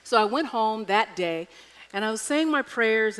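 A woman's voice: fairly high pitch, animated, moderate pace, a bit bright. Woman preaching in an echoey hall. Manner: personal storytelling with wry humor. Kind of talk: sermon.

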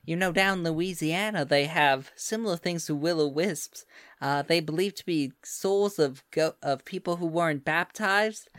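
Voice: medium pitch, normal speed, fairly bright tone, no echo, natural voice. A tabletop player voicing an eager young Southern belle woman with a Southern US accent who rambles like a nerdy ghost hunter, recorded close and dry. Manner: chatty, rambling lecturer.

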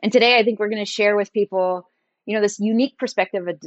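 A woman guest on a podcast, telling a personal story in an animated, conversational way. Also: medium pitch, quick pace, no echo, lo-fi sound.

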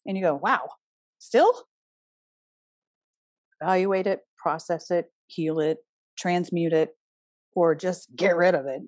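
A woman's voice: lowish voice, steady tone, unhurried, a little mellow, dry recording, clean studio sound. A woman giving an astrology talk in a casual, earnest way, pressing her point with emphatic rhetorical questions and the odd blunt swear word. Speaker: astrology speaker.

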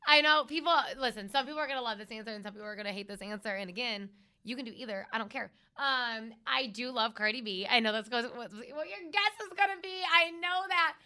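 Bright, animated woman radio host. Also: a little high, quick pace, smooth. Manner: lively, emphatic, animated storytelling. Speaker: radio host, podcast guest. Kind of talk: casual interview talk.

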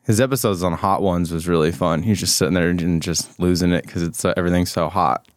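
A man's voice: deep voice, brisk, no room sound, clean studio sound. A man chatting as a guest on a comedy podcast, rambling and joking as he tells stories. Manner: rambling, joking, animated storytelling. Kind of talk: casual comedy podcast banter.

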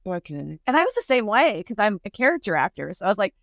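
A woman's voice: medium pitch, very animated, fast, hardly any pauses, no echo, clean studio sound. A woman improv teacher chatting reflectively as a podcast guest, full of "like" fillers. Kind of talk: casual podcast conversation.

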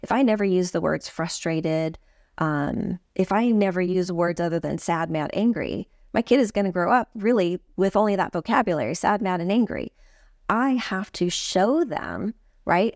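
A woman with a lower voice talks through parenting advice as an interview guest, slipping into little quoted lines a parent might say. The sound is dry and close, with no room around it. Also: expressive, moderate pace, dry recording. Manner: warm, explanatory, acts out parent-child quotes. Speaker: trauma expert guest. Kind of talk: podcast interview.

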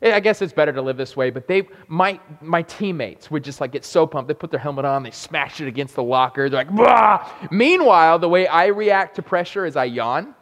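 A young adult man preaching a sermon, telling self-deprecating stories with quick asides. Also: fairly high pitch. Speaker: pastor. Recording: long hall reverb.

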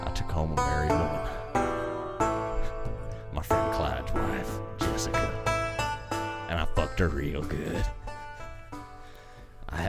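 A man's voice: a bass voice, full character voice. A man voicing a crude, swaggering cowboy outlaw who drawls foul-mouthed taunts. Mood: boastful.

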